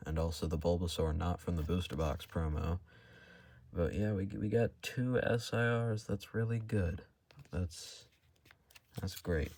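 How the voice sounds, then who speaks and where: A young man talking casually while opening trading card packs, in a monotone voice that stalls and restarts often. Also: sits low, slight background noise. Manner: monotone, hesitant with many restarts. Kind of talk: casual unboxing vlog.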